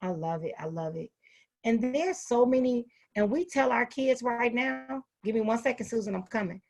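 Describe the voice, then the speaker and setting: A woman hosting a casual panel discussion with educators over a video call. She tells lively stories and calls people baby and sweetie. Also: on the high side, moderate pace. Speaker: host and educator.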